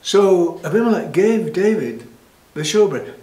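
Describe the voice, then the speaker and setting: A man telling a Bible story to children in a lively, animated way, with frequent restarts. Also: on the high side, normal speed. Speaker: church storyteller. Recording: echoey room.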